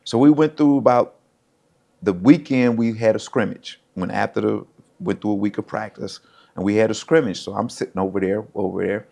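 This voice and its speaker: Moderately paced and gravelly, with a lowish pitch, this middle-aged ex-football player recounts stories on a podcast. He brings them to life by acting out other people's words in an easygoing interview.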